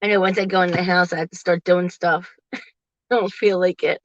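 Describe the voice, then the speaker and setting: A woman in her forties chatting casually to viewers from her parked car, laughing often and getting animated when she quotes people. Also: fairly low pitch, moderate pace, no echo, highs cut off. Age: 40s. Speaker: livestream host.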